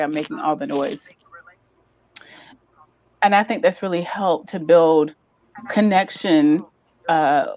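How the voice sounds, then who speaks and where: Woman guest, lower register, lively storyteller, casual chat. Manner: animated, laughs often, chatty storyteller. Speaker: guest, lifestyle content creator.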